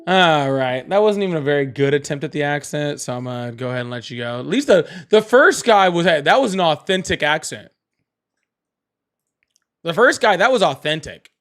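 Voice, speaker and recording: A man hosting a political call-in livestream, with a slightly higher voice than most men. He talks in a loose, chatty way, reads out super chats and laughs easily between callers. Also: lively intonation, fairly bright tone, faint music behind. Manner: chatty, laughs often, quick to banter. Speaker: livestream host.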